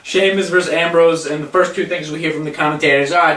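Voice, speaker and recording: A young man ranting through a wrestling recap in a sarcastic, foul-mouthed, mocking way. His voice is bright and a little high. He sounds off-mic in an echoey room. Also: steady tone, quick pace, recorded from a distance. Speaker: wrestling review co-host. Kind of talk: casual review chat.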